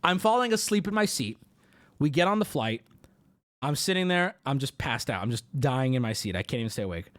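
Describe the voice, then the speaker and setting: A man hosting a livestream, telling a rambling, profane travel story in clipped, animated fragments. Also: medium pitch, a little fast. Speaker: streamer host.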